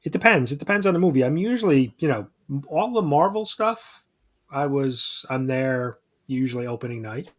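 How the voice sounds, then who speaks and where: A man's voice: mid-range voice, expressive, moderate pace. A middle-aged man on a casual podcast, hesitant and thinking aloud as he answers. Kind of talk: casual chat.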